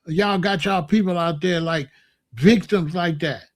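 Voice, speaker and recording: A man's voice: sits high, unhurried. A man delivering an emphatic, repetitive rant as a monologue, drawing out words for emphasis. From Chicago. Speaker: commentator. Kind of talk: ranting monologue to camera.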